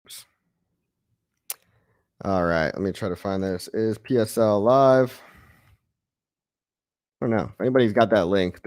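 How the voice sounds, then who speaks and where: A man's voice: lowish voice, unhurried, long pauses, darkish tone, no echo, clean studio sound. A man hosting a casual livestream, reading viewer chat in a loose, chatty way, often saying "guys" and chuckling.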